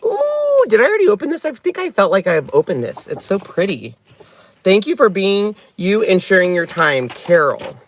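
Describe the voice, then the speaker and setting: A man hosting a crafting channel, chatting excitably and breaking into giggles while opening gifts in his car. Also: sits high, moderate pace, slight background noise. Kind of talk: casual unboxing vlog. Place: inside a parked car.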